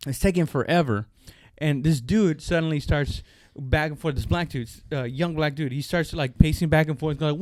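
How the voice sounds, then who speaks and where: A man co-hosting a comedy podcast, telling a long street story in casual chat and acting out the shouted lines of the people in it. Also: on the high side, moderate pace, hardly any pauses, no room sound, clean studio sound. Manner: animated storyteller, acts out shouted quotes, profane. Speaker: podcast co-host.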